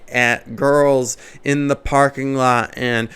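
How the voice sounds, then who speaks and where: A man's voice: mid-range voice, slow, clean tone, no room sound. A man, a comedian, telling a comic story as a monologue and laughing often at his own jokes.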